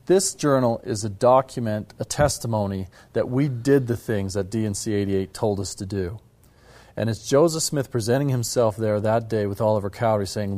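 Low mellow-voiced man explaining scripture. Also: normal speed. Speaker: religious history presenter.

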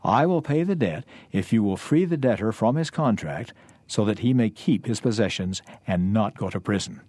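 A man voicing a calm, kindly male mediator who offers to pay the debt, read out in a steady, reassuring way. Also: on the low side, moderate pace, no room sound.

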